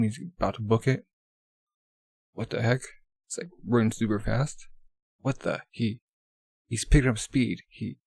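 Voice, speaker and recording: A man casually narrating a comic as he reads it, with excitable, filler-heavy play-by-play. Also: medium pitch, no room sound. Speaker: manga reader.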